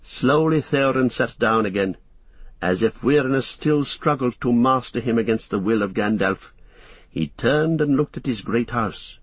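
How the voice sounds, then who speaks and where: A man narrating a fantasy novel as an audiobook, in steady, measured storytelling. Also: mid-range voice, slightly rough, no echo.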